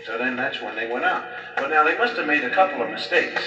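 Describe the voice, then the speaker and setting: A man's voice: medium pitch, animated, fast talker, bright, forceful tone, faint music behind. A man, a comedian, telling a rambling stand-up story full of "you know". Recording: distant, echoey, dull live recording.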